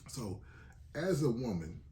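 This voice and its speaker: A man's voice: medium pitch, sing-song, slow pace, mellow, roomy sound, slight background noise. A man co-hosting a relationship advice show, talking candidly and emphatically, repeating his key points. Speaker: podcast co-host.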